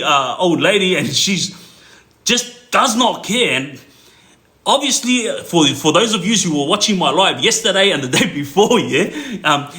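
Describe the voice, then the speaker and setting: A man rambles through a story on a phone livestream, padding it with fillers. His voice is bright and a little high. The room gives it a roomy echo.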